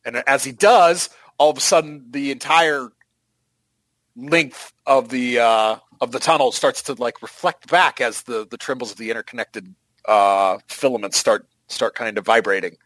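A man's voice: mid-range voice, normal speed, fairly bright tone, no echo, poor audio. A man running a tabletop game as game master, rambling and sarcastic, with casual swearing.

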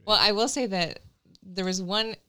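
A woman co-hosting a casual chat, telling stories in a chatty, animated way. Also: mid-range voice, normal speed, clear, resonant tone.

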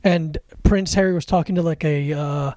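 A man's voice: on the high side, steady tone, normal speed, warm tone, dry recording, studio quality. Playful, teasing man on a podcast. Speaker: podcast co-host. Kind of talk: casual chat.

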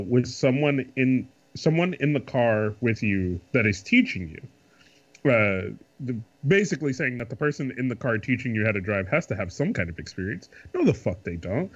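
A man co-hosting a podcast in casual chat, wry and profane, laughing through his sentences. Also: medium pitch. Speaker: podcast co-host. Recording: dull lo-fi mic.

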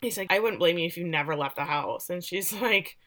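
Bright-voiced woman recapping animatedly. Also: lowish voice, a little fast. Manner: animated storytelling, acts out quotes with laughs. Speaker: podcast co-host recapping a show. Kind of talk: casual chat, animated recap.

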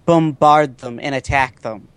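A man running a tabletop role-playing game as game master, describing scenes in halting, restarting narration. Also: mid-range voice, clean tone, no room sound.

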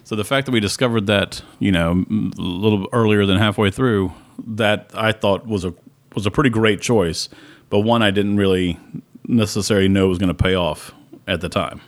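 Man, deep voice, casual movie chat, rambling, dry close sound. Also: normal speed, no room sound. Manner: rambling, self-correcting, enthusiastic. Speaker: podcast co-host.

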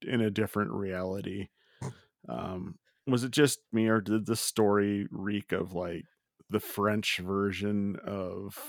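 A man's voice: fairly low pitch, creaky, no echo. Jokey man on a podcast, dry mic. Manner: animated, jokey, stumbling restarts. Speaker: podcast co-host. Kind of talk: casual chat.

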